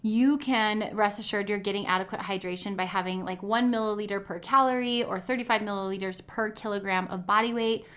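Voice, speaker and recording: This dietitian in her thirties runs her own podcast and delivers a casual monologue in a clear, resonant, slightly bright medium-pitched voice. Her intonation is fairly even and her pace brisk with few pauses, yet she stays upbeat and chatty, laughing easily.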